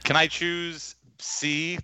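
A man's voice: on the high side, flat delivery, extremely slow, sharp tone, clear, resonant tone, no room sound, low-quality recording. A man co-hosting a podcast, joking and laughing in casual chat, often trailing off mid-sentence. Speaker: podcast co-host.

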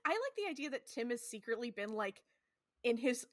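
A woman's voice: a little high, very animated, fairly quick, dry recording, clean studio sound. A woman co-hosting a podcast in casual chat, swearing and laughing often. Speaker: podcast co-host.

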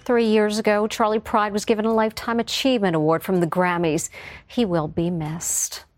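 A woman news reporter reading scripted news in a measured tone. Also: medium pitch, level tone, faint music behind.

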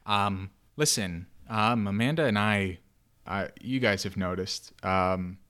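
A man's voice: fairly low pitch, slow, a bit bright, smooth. A man improvising a teenage boy mathlete who hesitantly announces he is leaving the team. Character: teen boy mathlete who got hot. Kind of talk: improv scene.

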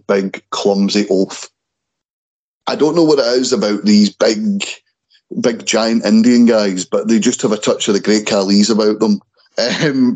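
A man's voice: lowish voice, a little mellow, rough recording. A man hosting a casual wrestling chat podcast, tripping and restarting over names. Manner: stumbles and repeats words on names. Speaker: podcast host.

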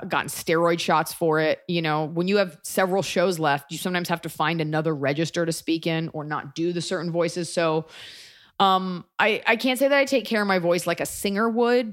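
A woman in her thirties hosting a podcast, chatting casually in a rambling, self-deprecating way. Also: fairly low pitch. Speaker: podcast host and comedian.

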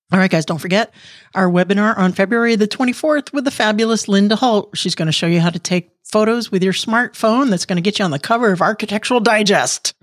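Woman podcast host, talks fast and chatty, voice starting to go, dry close mic. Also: medium pitch, dry recording. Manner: chatty, energetic, laughs often. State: losing her voice. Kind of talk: casual podcast monologue.

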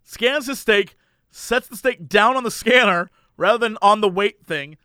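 A man's voice: high voice, a little slow, clean tone, no room sound, clean studio sound. A man telling a funny anecdote in a casual chat, acting out the people in it and laughing often. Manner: animated, acts out voices in anecdotes, laughs often. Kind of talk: casual storytelling.

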